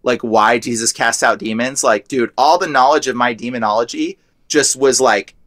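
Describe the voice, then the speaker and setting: A man's voice: mid-range voice, moderate pace, a bit bright, dry recording. A young man telling his story as a guest in a casual chat, rambling and filling his talk with "like". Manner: rambling, heavy use of "like".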